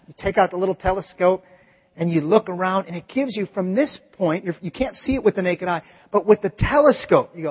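High-voiced pastor preaching in an echoey hall. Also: male voice, fairly quick, a little mellow, husky. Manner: conversational storytelling with acted asides. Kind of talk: sermon. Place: church sanctuary. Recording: echoey church hall, dull lo-fi audio.

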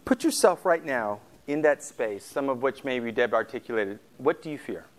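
A man preaching a sermon to his congregation, speaking reflectively and addressing them directly with pauses. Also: mid-range voice, lively intonation, slight background noise. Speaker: pastor.

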